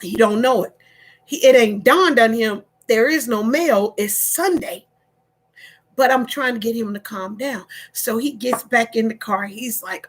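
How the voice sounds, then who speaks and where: A woman tells a story live to her online viewers, animated and chatty. She repeats her phrases and keeps checking in with them. Her voice sits a bit high. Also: unhurried, husky.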